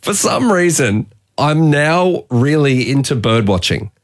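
A man's voice: a little high, animated, unhurried. An Australian man in his forties, co-hosting a podcast in casual chat, joking and laughing at himself. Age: 40s. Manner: joking, self-mocking, laughs often. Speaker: podcast co-host.

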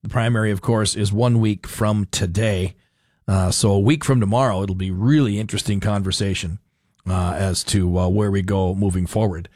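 A man's voice: lowish voice, steady tone, moderate pace, a little mellow, no room sound. Male radio host, opinionated and sarcastic, dry studio read. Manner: opinionated, sarcastic, many fillers. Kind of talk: casual political talk radio. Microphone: studio microphone.

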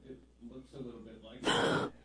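A man with a husky, slightly raspy voice co-hosts a talk radio show. He drops in quiet, offhand remarks at a middling pitch. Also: flat delivery, normal speed. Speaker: radio co-host. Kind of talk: casual talk radio banter.

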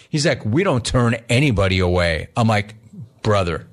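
A man's voice: lowish voice, moderate pace. Man telling a story, acting out voices. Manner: animated, acts out both sides of the story. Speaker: radio host. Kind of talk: casual storytelling monologue.

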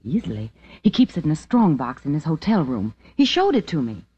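A woman's voice: deep voice, very animated, brisk, mellow, slightly rough, full character voice. An actress playing a cool, scheming young American woman in an old-time radio drama. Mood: earnest. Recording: dull lo-fi vintage radio broadcast.

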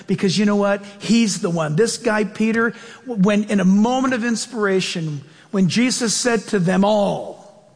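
A man preaching a sermon as pastor, telling stories in an animated way with sudden jumps in pitch. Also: a little slow. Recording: long church-hall reverb.

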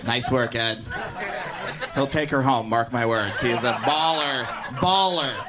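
A man's voice: medium pitch, measured pace. A man hosting a comedy show on a club stage, hyping up the crowd and teasing audience members through a handheld mic. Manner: energetic, teasing crowd work. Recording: loud noisy club with crowd.

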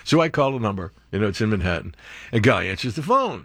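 A man's voice: lowish voice, big pitch swings, fast talker, a bit bright, dry recording. A man, a talk radio host telling a rambling story full of fillers. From the Bronx, New York.

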